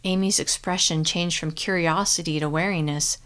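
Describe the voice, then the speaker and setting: Lower-voiced woman narrating an audiobook. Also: fairly even intonation, moderate pace, a bit bright. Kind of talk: scripted first-person narration.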